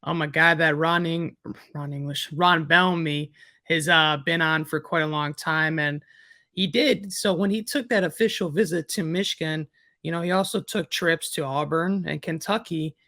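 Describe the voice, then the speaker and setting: A man's voice: a little high, moderate pace, bright, forceful tone, dry recording, studio quality. A man with a Midwestern American accent, co-hosting a sports podcast in a rambling way, with many fillers and restarts. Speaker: recruiting analyst co-host. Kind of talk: casual sports podcast chat.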